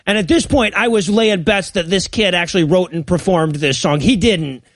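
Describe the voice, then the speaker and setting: A man's voice: high-pitched, moderate pace, no echo, studio quality. A man co-hosting a podcast, riffing sarcastically on a bad movie with lots of swearing and laughter. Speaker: podcast co-host. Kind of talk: casual comedic movie riffing.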